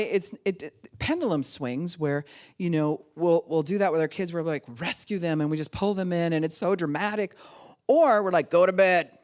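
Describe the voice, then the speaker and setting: Woman pastor preaching, lively swoopy voice, acts out little voices and laughs a lot. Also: fairly low pitch. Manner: animated, acts out quotes, laughs often. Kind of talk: sermon.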